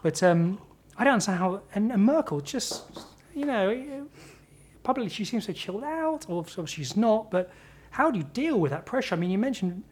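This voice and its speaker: A woman's voice: mid-range voice, big pitch swings, moderate pace, a little mellow, husky. A woman hosting an interview, asking curious, probing questions in a casual conversational way.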